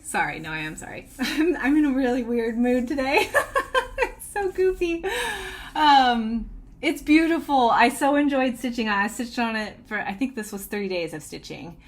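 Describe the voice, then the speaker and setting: A woman chatting casually about her cross-stitch projects, bubbly and giggly, rambling with restarts. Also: on the high side. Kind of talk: casual chatty show-and-tell.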